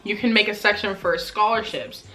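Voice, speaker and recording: Eating on camera for her mukbang vlog, this teen from Colorado chats away with constant "like" fillers. She speaks at a moderate pace in a sharp, mid-range voice, over soft background music, and the recording quality is low.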